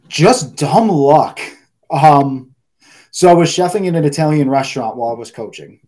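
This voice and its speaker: A man telling loose, animated stories in casual podcast chat, swearing freely and saying "like" a lot. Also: a little high, a little slow. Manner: loose, profane, heavy use of "like"; animated anecdote teller. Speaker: podcast guest.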